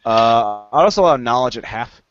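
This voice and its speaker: A man running a tabletop horror game as game master, talking in a relaxed, halting way. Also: mid-range voice, dry recording, muffled recording. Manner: relaxed, halting, many fillers.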